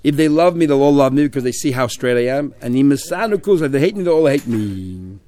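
A man teaching a Talmud class, quickly translating Aramaic phrase by phrase. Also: medium pitch, expressive, dark tone.

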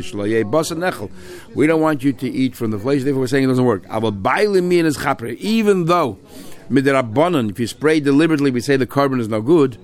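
Guy teaching talmud, reads a line then explains it, lots of restarts. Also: medium pitch. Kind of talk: Talmud lesson, mixing Hebrew-Aramaic terms and English.

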